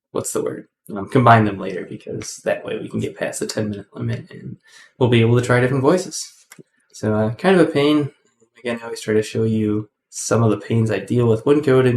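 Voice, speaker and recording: A man's voice: mid-range voice, vocal fry, darkish tone, slight background noise. A man hosting a casual coding tutorial, rambling with many ums and self-corrections.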